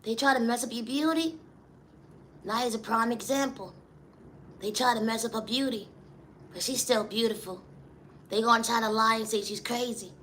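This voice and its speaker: A shrill, piping voice preaches comfort and self-worth, calling the listener "neighbor" over and over. The tone is bright and sharp. It comes from a vlog of spoken-word talks. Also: male voice, moderate pace, pauses often, a little hiss or hum. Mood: gentle. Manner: preachy, repeats "neighbor" and "you know". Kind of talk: spoken-word pep talk.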